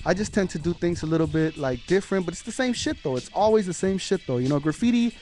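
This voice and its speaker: Profane, halting man over music. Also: high voice, lively intonation, darkish tone. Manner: profane, halting, lots of "man" and repeated words. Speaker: graffiti artist guest. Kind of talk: casual interview talk.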